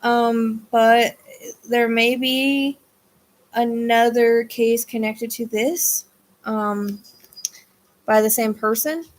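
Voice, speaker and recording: Woman, tired and drained, rambling livestream chat, somewhat high voice, trailing off. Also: fairly even intonation, very slow, pauses often. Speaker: psychic livestream host. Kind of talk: casual livestream chat with viewers.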